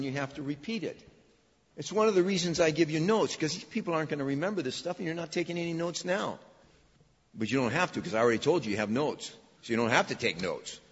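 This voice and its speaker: Male preacher, emphatic and repetitive, dry humor; husky tone, long church reverb. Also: on the high side, a bit bright. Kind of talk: sermon. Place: church sanctuary. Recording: dull echoey church recording.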